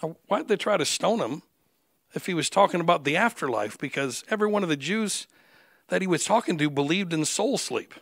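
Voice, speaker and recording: A man preaching an animated sermon with humor, acting out the voices of figures he quotes. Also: on the high side, brisk, vocal fry, no echo. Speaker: guest preacher.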